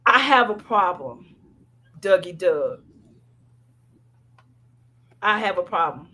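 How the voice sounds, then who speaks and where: A woman's voice: fairly low pitch, big pitch swings, takes it slowly, pushed and bright. A woman co-hosting a podcast, recapping a TV episode in casual chat and scolding the characters emphatically. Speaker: podcast co-host.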